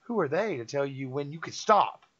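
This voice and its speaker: A man's voice: fairly high pitch, animated, normal speed, fairly bright tone. A middle-aged man giving a rambling, emphatic motivational talk, repeating himself and preaching to the listener. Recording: dull lo-fi sound.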